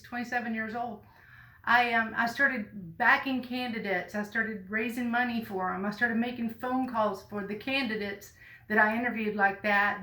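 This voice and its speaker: A woman tells a story straight to the camera, folksy and earnest, now and then breaking into loud emphasis. Her voice sits somewhat high and sounds bright and forceful. The room around her is echoey. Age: 50s. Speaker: vlogger. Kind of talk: casual personal storytelling to camera.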